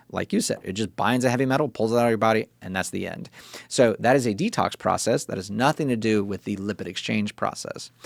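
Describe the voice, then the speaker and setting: A man with a Texas accent explains health topics as a doctor being interviewed. His voice sits low with a gravelly edge. He talks in an animated, casual way, hammering key words over and over, and the recording is close and dry. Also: no echo. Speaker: functional medicine doctor.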